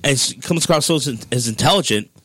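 A man's voice: medium pitch, a bit bright, husky, dry recording. Male co-host, loose rambling delivery, dry close recording. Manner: rambling, halting sentences. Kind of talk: casual film discussion.

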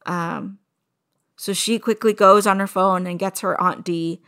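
A woman telling her own story as a personal testimony, soft and halting, with many pauses and fillers. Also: medium pitch, steady tone.

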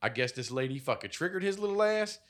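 A young man in casual chat, telling rough, profane stories about old jobs and acting out what people said. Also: a little high, quick pace. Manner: profane, animated storyteller acting out quotes.

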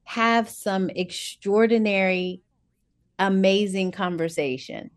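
A woman's voice: mid-range voice, takes it slowly. A woman co-hosting a podcast, speaking in a reflective, dreamy way and later reading the show's credits. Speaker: podcast co-host. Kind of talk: casual chat.

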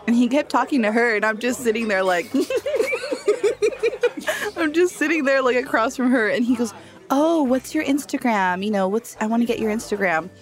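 A woman's voice: on the high side, fairly quick, long pauses. A woman co-hosting a podcast in casual chat, giggly and prone to rambling tangents. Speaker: podcast co-host.

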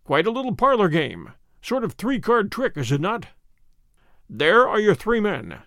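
A man reading aloud, voicing a calm, commanding male detective who speaks in a measured, deliberate way. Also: high-pitched, no room sound, clean studio sound, full character voice. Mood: calm authority.

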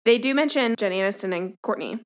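A woman's voice: medium pitch, lively intonation, quick pace. A woman co-hosting a casual podcast, chiming in with dry, wry asides about a movie. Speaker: podcast co-host. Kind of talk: casual movie review chat.

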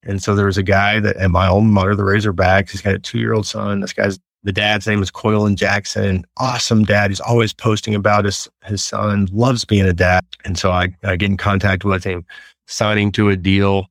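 In this interview, a middle-aged Texan tells his stories with earnest animation. His voice is lowish, his speed normal, and there's no echo.

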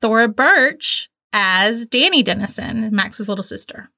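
A woman's voice: a little high, animated, unhurried, bright, forceful tone. A woman co-hosting a casual movie podcast, chatty and teasing, often laughing. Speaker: podcast co-host.

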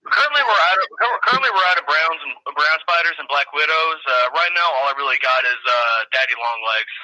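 A man answering a call at a shop, hesitant and halting with many pauses. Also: a little high, lively intonation, pushed and bright, no room sound, poor audio. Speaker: shop worker taking a call. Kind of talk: phone conversation.

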